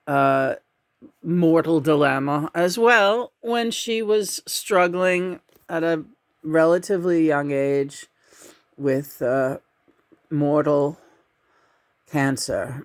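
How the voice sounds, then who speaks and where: A woman giving a casual tarot reading in a musing, meandering way, often humming softly between thoughts. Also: sits low, slow, dry recording, clean studio sound. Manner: meandering, musing, with frequent murmured hums. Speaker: tarot reader.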